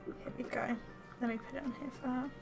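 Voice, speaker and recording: A woman's voice: high-pitched, steady tone, fast talker, gravelly, over music. A woman chatting casually on a game live stream, bubbly and giggly, talking into a headset at home. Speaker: streamer host. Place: home setup, headset mic.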